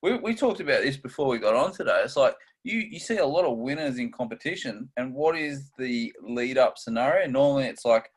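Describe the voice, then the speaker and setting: A man co-hosting a casual podcast chat, energetic and steering the talk through tips. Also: mid-range voice, a little fast, hardly any pauses, breathy edge. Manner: energetic, steers topics, chatty asides. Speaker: co-host.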